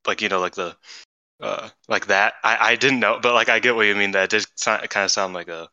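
A man's voice: fairly low pitch, steady tone, fairly quick, bright, forceful tone, no echo, highs cut off. A man co-hosting a podcast in casual chat, rambling with many fillers and laughs. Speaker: podcast co-host.

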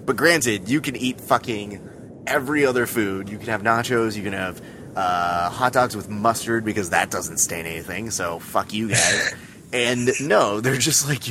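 Low-voiced man ranting comically. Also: normal speed, noisy background. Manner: ranting, comic storytelling with profanity. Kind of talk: casual chat.

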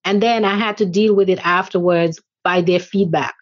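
A woman in her 40s, chair of an organization, answers conversational interview questions in an earnest, reflective way with frequent fillers. Her lowish voice has fairly even intonation at normal speed, with no echo and a dry, close sound. The lo-fi audio is slightly dull.

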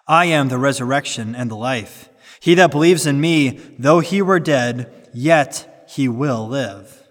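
A man reads an old sermon aloud with an earnest, preacherly cadence, pressing hard on some words and easing off on others. His voice sits somewhat high for a man. Each phrase trails off into a long, lingering reverb. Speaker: sermon reader. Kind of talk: reading a 19th-century sermon aloud.

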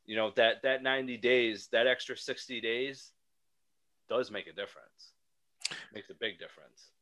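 A man co-hosting a podcast, talking in an animated, rambling way with frequent restarts. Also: medium pitch, normal speed. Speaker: podcast co-host. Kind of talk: casual chat.

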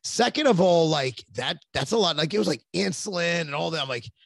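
A man's voice: fairly high pitch, animated, a little fast, gravelly, no echo. A man in his forties, a podcast guest, telling long rambling stories in casual chat with plenty of cursing. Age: 40s. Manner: rambling, profane storytelling.

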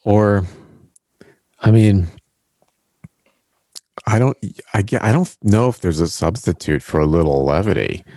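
A man's voice: low voice, unhurried, long pauses, dark tone, dry recording, studio quality. A man co-hosting a podcast in casual chat, wry and hesitant, with lots of "you know" and "like". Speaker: podcast co-host.

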